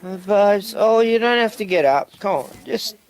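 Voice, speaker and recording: A man's voice: sits high, lively intonation, moderate pace. A man ranting in a casual outdoor vlog, swearing at crowing roosters and cooing to his dogs. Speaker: vlogger. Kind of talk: casual outdoor rant to camera. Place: outdoors in a rural yard.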